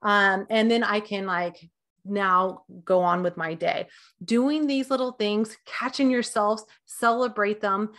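A woman's voice: mid-range voice, fairly even intonation, slow pace, fairly bright tone. A woman in her thirties, a dietitian, giving casual health advice in a chatty way, with lots of fillers and acted-out quotes.

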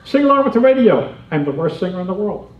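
A man giving a humorous seminar talk, animated and chatty, laughing often and acting out little scenes. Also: high voice, quick pace. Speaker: comedy seminar speaker. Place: seminar room. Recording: roomy, muffled, distant hall recording.

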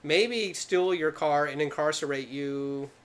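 Higher-voiced man, hesitant and chuckling. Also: a little slow, fairly bright tone. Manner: hesitant, restarts often, laughs easily. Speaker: podcast co-host. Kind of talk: casual movie-review chat.

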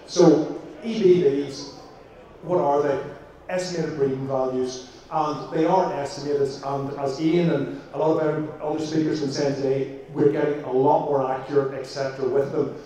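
A man's voice: fairly high pitch, steady tone, normal speed, dark tone. A man with a Northern Irish accent, a vet giving a jokey presentation to an audience with frequent fillers. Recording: echoey room, distant mic.

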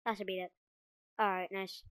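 A woman giving casual gameplay commentary, chatting to her viewers and reacting quickly as she plays. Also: mid-range voice, level tone, a bit bright, clean tone, dry recording, poor audio. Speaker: gaming video creator.

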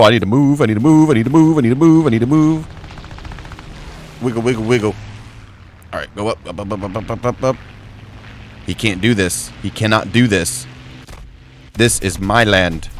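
A young man commentating his own flight game, muttering low play-by-play and yelping high and joking when things go wrong. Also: brisk, long pauses, a little hiss or hum. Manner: excitable, jokey, yelps high when in trouble. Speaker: gaming streamer. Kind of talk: gameplay commentary.

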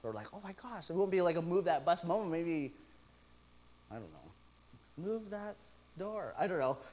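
A middle-aged male pastor preaching a sermon, telling stories with lively quoted asides. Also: a little high, moderate pace. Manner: animated storytelling with quoted asides.

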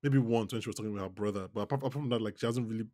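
A man co-hosting a podcast in a casual TV recap chat, animated, laughing often and restarting his sentences. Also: on the low side, racing, no room sound, clean studio sound. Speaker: podcast co-host.

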